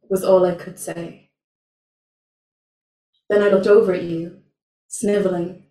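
Young woman doing slam poetry at an open mic, slow and heavy, echoey room, picked up from far back. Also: medium pitch, steady tone, warm tone. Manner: slow, deliberate and intense. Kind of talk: spoken word poetry performance. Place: small venue, indoors. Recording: roomy, from far off.

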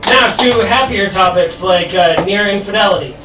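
A young American man performing his poems live on stage, joking shyly between slow, deliberate readings. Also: high voice, heavy background noise. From United States. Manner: self-deprecating, halting asides between slow deliberate poems. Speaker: poet. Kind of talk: live spoken word poetry reading. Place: stage in a live venue with an audience. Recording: roomy live sound from a distance, music behind.

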